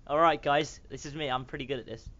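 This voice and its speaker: A man hosting a gaming channel, giving excitable gameplay commentary and swearing at other players in mock rage. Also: on the high side, quick pace, highs cut off, a little hiss or hum.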